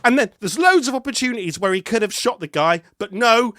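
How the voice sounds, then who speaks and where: A man co-hosting a podcast, chatting excitedly about a film and laughing as he goes. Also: very high voice, fairly quick, no room sound, clean studio sound. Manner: excitable, animated, laughing while he talks. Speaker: podcast co-host. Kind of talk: casual film review chat.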